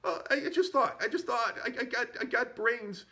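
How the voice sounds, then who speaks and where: A man imitating a shrill, manic young male gang leader with a squealing, strained, yelping voice and erratic, whiny outbursts. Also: expressive, fairly quick, pushed and bright, full character voice. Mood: babbling. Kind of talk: comic impression in a film recap.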